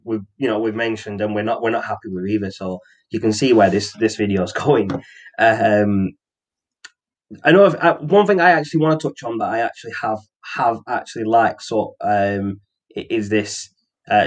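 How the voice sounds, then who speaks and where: Male podcast co-host, slightly low voice, loose rambling delivery full of ums. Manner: rambling, frequent ums and restarts. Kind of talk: casual wrestling chat.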